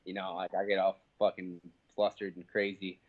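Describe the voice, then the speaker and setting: A man's voice: low-pitched, little pitch movement, normal speed, phone-quality sound. A young man being interviewed, telling an angry story full of swearing and fillers. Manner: heated, profane storytelling with many fillers. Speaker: interview guest, professional fighter. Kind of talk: casual phone interview.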